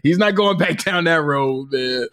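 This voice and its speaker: A man's voice: a little high, a little slow, fairly bright tone. A man co-hosting a podcast in casual chat, earnest and rambling. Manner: earnest, rambling, with many fillers. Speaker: podcast co-host.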